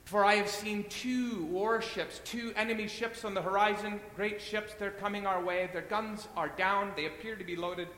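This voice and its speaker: A man's voice: moderate pace, few pauses, sharp tone. A man voicing a panicky first mate on a wartime ship, alarmed and breathless. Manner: breathless and alarmed, voice jumping high. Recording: echoey hall with faint rumble.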